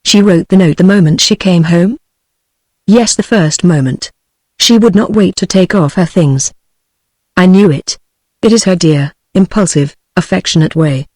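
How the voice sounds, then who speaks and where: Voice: mid-range voice, measured pace, no room sound. Synthetic text-to-speech audiobook narrator. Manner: even, mechanical reading that speaks punctuation aloud.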